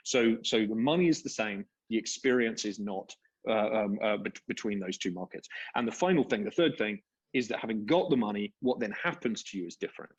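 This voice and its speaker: A man's voice: on the low side, husky, muffled recording. A man speaking as a panelist, explaining at length with many fillers and tag questions. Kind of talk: panel discussion talk.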